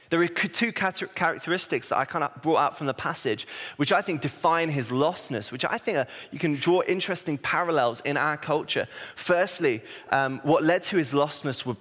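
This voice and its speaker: A man, an assistant pastor giving a sermon, telling a self-deprecating story in an animated way. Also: medium pitch. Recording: reverberant hall.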